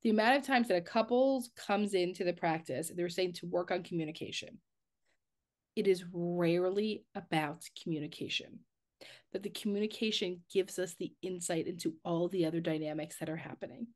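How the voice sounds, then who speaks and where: A woman's voice: on the low side, normal speed. A woman therapist co-hosting a podcast, talking frankly with casual swearing and lots of "like". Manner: candid and blunt, swears casually, many "like" fillers.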